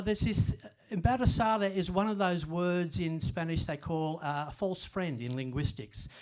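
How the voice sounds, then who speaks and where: An older man speaks at a library event, spinning humorous stories at his own expense. His voice sits slightly higher than most men's. He keeps an easy storytelling tone. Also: a little mellow. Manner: self-deprecating humorous storyteller. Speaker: author giving a talk. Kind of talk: storytelling presentation.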